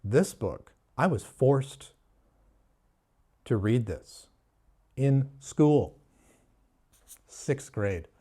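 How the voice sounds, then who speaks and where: A man speaking slowly in a dark, mellow voice, sarcastic and mock-serious as he talks about books. His delivery stays deadpan and unhurried throughout. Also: medium pitch, slightly rough. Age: adult. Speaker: booktuber. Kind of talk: sarcastic book review.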